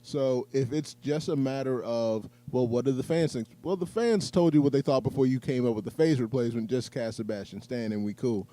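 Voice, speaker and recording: A man's voice: fairly quick, hardly any pauses. A man, co-hosting a podcast in casual chat, agreeable and backing up his partner. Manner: agreeable, frequent yeahs, jumps in higher when excited. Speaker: podcast co-host.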